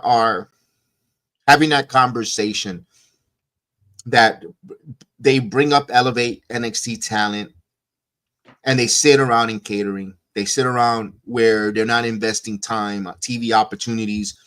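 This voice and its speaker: A hoarse man co-hosting a casual podcast, rambling and restarting his sentences often. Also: mid-range voice, moderate pace, fairly bright tone. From USA. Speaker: co-host. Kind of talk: casual wrestling podcast chat.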